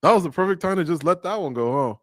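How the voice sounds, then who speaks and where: Animated male sports radio co-host. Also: a little high, fast talker, dry recording. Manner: animated storytelling, acts out quotes, laughs at own jokes. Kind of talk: casual sports chat. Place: studio.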